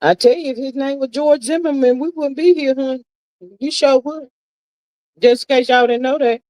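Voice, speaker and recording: A woman with a slightly high voice hosts a casual livestream, reacting to viewer comments in an emphatic, exasperated way. She sighs and drawls, calling everyone "child" and "y'all". The recording is dry and close, with no room echo. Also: moderate pace, a little mellow.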